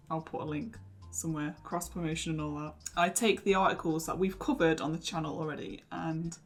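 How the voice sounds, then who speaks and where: A woman hosting a casual comedy chat, reading garbled translated text aloud while trying not to laugh. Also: lowish voice. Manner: giggly, stumbling over the garbled lines. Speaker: host.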